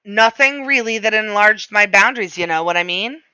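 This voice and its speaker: Bright, dry-voiced novel reader. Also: medium pitch, normal speed, clear, resonant tone, no room sound. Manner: wry, self-mocking first-person narration. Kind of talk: reading a novel aloud.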